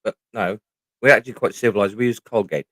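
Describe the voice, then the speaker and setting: A man's voice: fairly low pitch, fast talker, fairly bright tone, no room sound. Rambling, swearing British man. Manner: swears freely, rambling and jokey. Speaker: livestream host. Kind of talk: casual livestream chat.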